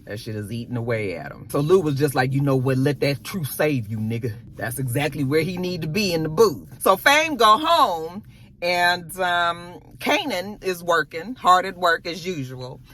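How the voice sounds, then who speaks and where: Lively slangy woman recapping a show. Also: fairly low pitch, normal speed. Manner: animated, slangy storytelling with asides. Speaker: TV episode reviewer. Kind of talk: casual recap vlog.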